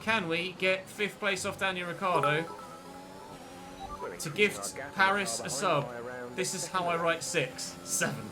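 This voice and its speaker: A man streaming a racing game, commentating his race excitedly and joking with his viewers. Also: high-pitched, unhurried, music in the background. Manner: excitable, jokey, talks to viewers. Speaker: gaming streamer.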